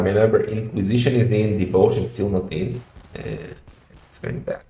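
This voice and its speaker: A man casting a live strategy game match in a chatty style that rises to excited shouting in fights. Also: fairly low pitch, moderate pace, creaky. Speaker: game caster. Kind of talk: live esports commentary. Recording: roomy echo with faint music.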